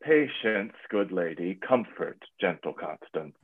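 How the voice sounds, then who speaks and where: Grave defeated king, measured declamation, slow, thin phone-like sound. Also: mid-range voice, expressive. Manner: measured, declamatory verse delivery. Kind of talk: classical stage drama. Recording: tinny phone-like radio sound.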